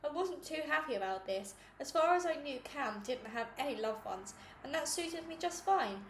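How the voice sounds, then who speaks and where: Woman, bright higher voice, reading a storybook, echoey room with faint hiss. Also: normal speed. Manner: lively, acts out dialogue with character voices. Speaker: audiobook reader.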